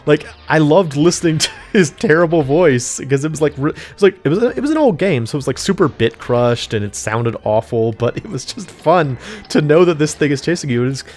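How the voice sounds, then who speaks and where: A man's voice: a little high, animated, a little fast, few pauses, a little mellow, faint music behind. A man hosting a casual let's play of retro games, rambling and forgetful with lots of fillers. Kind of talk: casual gameplay commentary.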